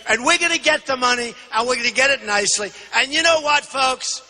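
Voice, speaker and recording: A man in his sixties giving an emphatic, repetitive campaign rally speech, often shouting. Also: extremely high pitch, a little fast, in a large hall. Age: 60s. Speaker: political candidate. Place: large indoor arena.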